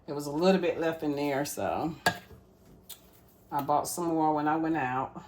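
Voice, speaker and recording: Cooking at home, a woman talks to her viewers, whom she calls y'all, in a low, darkish voice at a somewhat slow pace. It's a relaxed cooking chat with a little hiss or hum on the recording.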